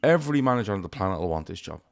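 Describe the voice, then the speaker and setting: Regular panelist, man, lower voice, blunt, swears, emphatic. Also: big pitch swings, rapid-fire, vocal fry. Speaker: fan show panelist. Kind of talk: casual chat.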